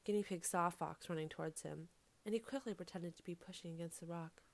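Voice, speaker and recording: Expressive woman telling a folk tale. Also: fairly low pitch, fairly quick, gravelly. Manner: expressive, repeats phrases for rhythm. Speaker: storyteller.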